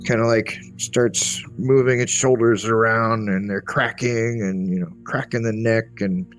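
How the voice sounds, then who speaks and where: A man's voice: on the low side, steady tone, a little slow. A man narrating a tabletop game as game master in a loose, casual way with many fillers. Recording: faint background music.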